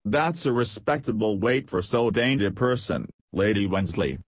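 A man with a low, husky voice reading the part of a calm, understated detective in an audiobook. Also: moderate pace, dry recording. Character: calm shrewd middle-aged male detective.

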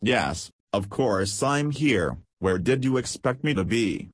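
A man reading the lines of a scheming older aristocratic woman in an audiobook, with a mocking drawl and a husky voice. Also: lowish voice, expressive, slow pace, dry recording, exaggerated voice.

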